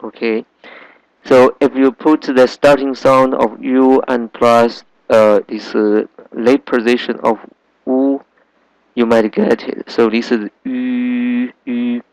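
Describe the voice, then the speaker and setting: A man teaching a language lesson, patiently repeating sounds slowly for learners. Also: mid-range voice, level tone, darkish tone, dry recording, rough recording. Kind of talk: slow classroom lesson.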